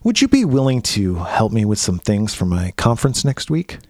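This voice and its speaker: A man's voice: lowish voice, wildly swooping pitch, moderate pace, no room sound, clean studio sound. A man reading a creepy prying uncle. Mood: probing. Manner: soft, prying, overly friendly questioning. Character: creepy middle-aged uncle probing a boy. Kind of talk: reading a film scene aloud.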